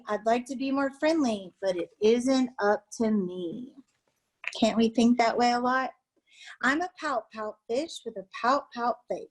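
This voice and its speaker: A woman's voice: a little high, rough recording. A woman reading as Mister Fish, a glum pouting fish. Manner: sing-song rhyming refrain. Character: glum pouting male fish, gloomy and resigned.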